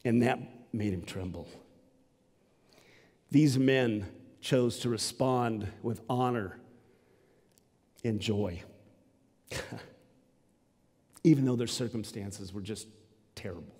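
A male pastor giving a sermon and telling its story in a lively, dramatic way. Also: on the low side, takes it slowly, long pauses, in a large hall.

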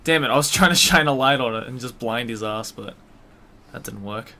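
A young man commentating his own horror game live, talking to himself, swearing and yelling in frustration. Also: mid-range voice, brisk, slight background noise. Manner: swears a lot, talks to himself, yells in frustration. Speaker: streamer playing a horror game.

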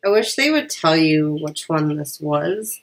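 A woman's voice: sits low, expressive, unhurried, slight background noise, low-quality recording. A woman chatting casually through an unboxing while she has a cold, rambling with lots of fillers. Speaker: vlogger.

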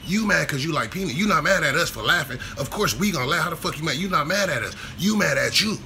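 Guy ranting on his vlog, gravelly and forceful, cussing and repeating himself, faint noise behind. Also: fairly high pitch, lively intonation, quick pace. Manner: profane, repetitive, slangy street talk. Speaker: vlogger. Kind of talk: casual commentary rant.

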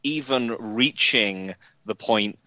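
A man co-hosting a casual podcast, talking through his points in a measured, analytical way with many fillers. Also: mid-range voice, bright, forceful tone, dry recording. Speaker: podcast co-host. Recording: dull lo-fi dry mic.

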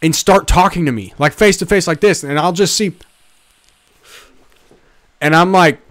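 A man's voice: a little high, normal speed. A young man co-hosting a podcast, telling a story in casual, profane chat and acting out the people in it. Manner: profane, animated, mimics people in anecdotes. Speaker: podcast co-host.

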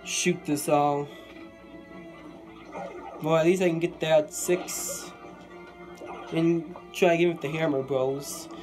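A young man giving live gameplay commentary, excitable and quick to vent frustration at the game. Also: a little high. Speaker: gaming YouTuber. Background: game music.

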